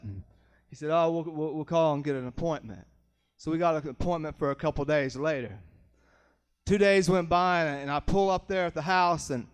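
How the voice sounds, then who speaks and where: Man, somewhat high voice, earnest testimony, plain-spoken, vivid storytelling, repeats words. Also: clear, resonant tone. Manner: vivid, dramatic retelling with acted quotes. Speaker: speaker giving a Christian testimony.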